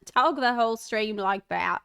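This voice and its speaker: A woman's voice: fairly high pitch, unhurried, gravelly, fairly bright tone, smooth. A woman streamer chatting casually and giggling as she reads chat aloud.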